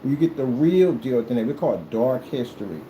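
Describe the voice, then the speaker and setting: A man from the United States ranting in a loose, theatrical monologue. His pitch swings widely as he gets worked up, and his voice stays mellow and dark throughout. He keeps breaking into mock old-fashioned formal speech. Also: animated, a little fast, slight background noise, poor audio. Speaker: video creator.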